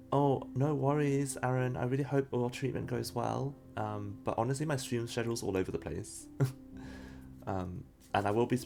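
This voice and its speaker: A man's voice: mid-range voice, creaky, a little mellow. A man streaming live as he opens trading card packs, reading chat aloud and fumbling over names. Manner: chatty, reacts to pulls and reads chat; unsure of pronunciations, laughs often. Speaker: streamer opening trading cards.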